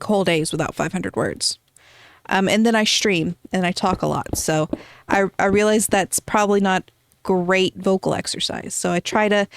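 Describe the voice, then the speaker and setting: A woman's voice: medium pitch, dry recording, studio quality. A woman streaming a game from home, chatting casually and rambling as she answers her chat.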